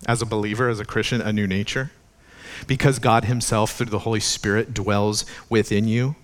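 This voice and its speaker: A man preaching a sermon as a pastor, chatty in places and building to fervent emphasis. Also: mid-range voice. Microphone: podcast recording of a church sermon.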